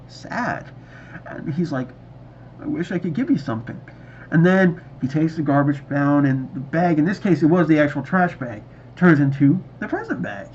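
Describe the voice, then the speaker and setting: A man's voice: fairly high pitch, darkish tone, slight background noise. A man reviewing a TV episode in casual video chat, enthusiastic and rambling, recorded on a dull lo-fi mic. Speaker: movie reviewer.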